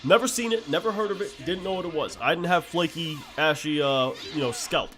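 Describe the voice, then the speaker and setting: A man streaming games, chatting casually and telling stories in a blunt, animated way. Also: on the high side, fairly quick, faint music behind. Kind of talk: casual gameplay commentary.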